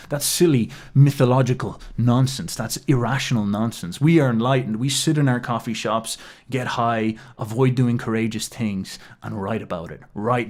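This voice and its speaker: A man giving a heated philosophy monologue. He swears freely, mocks others in sarcastic put-on asides, and keeps up a steady, animated flow. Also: mid-range voice. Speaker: philosophy commentator. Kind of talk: impassioned monologue.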